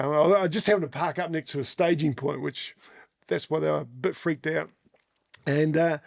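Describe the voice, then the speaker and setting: A man's voice: a little high, gravelly, darkish tone, no echo, studio quality. A middle-aged Australian man being interviewed, telling his stories casually and laughing often as he acts out the voices of the people in them. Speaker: guest.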